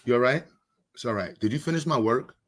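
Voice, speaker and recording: A man's voice: mid-range voice, quick pace, fairly bright tone. A man from Brooklyn, hosting a casual comedic chat full of jokes and slang. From Brooklyn, New York. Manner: joking, laughing, loose slang. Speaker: host.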